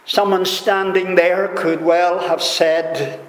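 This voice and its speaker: A man preaching a sermon in a slow, deliberate way, his delivery rising into emphatic swells. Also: sits high, little pitch movement. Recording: echoey hall reverb, faint room noise.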